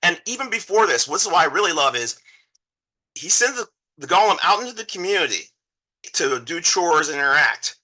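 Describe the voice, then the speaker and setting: A man's voice: fairly high pitch, very animated, moderate pace, sharp tone, low-quality recording. A man co-hosting a casual film discussion, talking animatedly and acting out characters with exaggerated voices. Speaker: podcast co-host.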